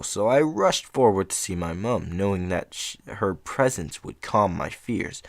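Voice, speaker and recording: A man's voice: on the low side, vocal fry, no echo. A young man reading short horror stories aloud in a casual, rambling way, breaking off for chatty asides.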